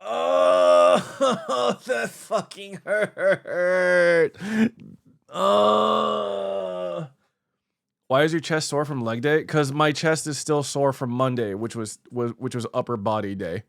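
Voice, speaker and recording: A male streamer chatting live to his viewers, theatrical, groaning and yelling at chat, sore from a workout. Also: medium pitch, steady tone, moderate pace, few pauses, no echo, studio quality. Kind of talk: livestream chat.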